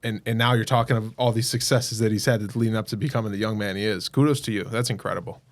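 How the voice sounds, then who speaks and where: A man hosting a podcast interview, enthusiastic and warmly praising his guest before steering to the next topic. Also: fairly low pitch, steady tone, fast talker. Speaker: podcast host. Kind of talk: casual interview talk.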